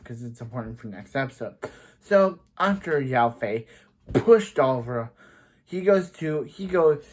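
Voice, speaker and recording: A man giving a casual recap of a TV episode, rambling, with many restarts and repeated "so". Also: mid-range voice. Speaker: TV episode reviewer.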